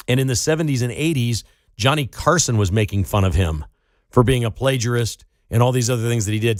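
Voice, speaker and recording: A man's voice: medium pitch, dry recording, studio quality. A man hosting a political talk radio show, delivering an opinionated, sarcastic monologue. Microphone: studio microphone.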